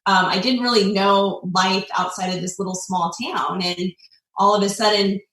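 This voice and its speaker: A woman in her forties from the United States, telling a personal story as a guest in an earnest, heartfelt way, pausing often with fillers. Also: medium pitch, steady tone, fairly bright tone. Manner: heartfelt, with frequent pauses and fillers. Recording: echoey room, distant mic.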